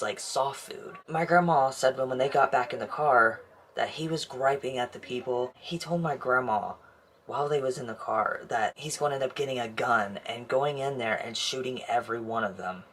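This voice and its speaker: A man recounting events from his own family in a casual first-person way, growing animated when upset. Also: mid-range voice, slight background noise.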